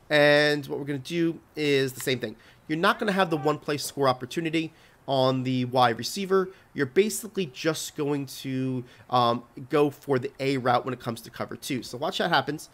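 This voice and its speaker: A man's voice: medium pitch, vocal fry, fairly bright tone. A man walking viewers through football video game plays, teaching in a casual way and often checking in with "right?". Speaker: video game tips channel host. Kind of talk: explaining plays over gameplay footage.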